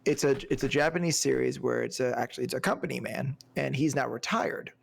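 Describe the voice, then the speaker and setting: A man's voice: mid-range voice, brisk, gravelly. A man co-hosting a podcast, chatting casually about a film, rambling and searching for words with lots of fillers. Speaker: podcast co-host. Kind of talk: casual movie review chat.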